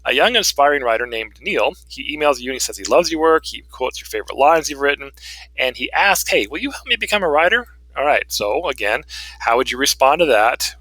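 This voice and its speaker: Male instructor recording an online lecture; bright, pushing tone, relaxed teacherly banter, dry close sound. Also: mid-range voice, brisk, no echo, low-quality recording. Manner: conversational, frequent "okay" and "um" check-ins; chuckles and jokes lightly with students. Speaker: college writing instructor. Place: in Raleigh, North Carolina.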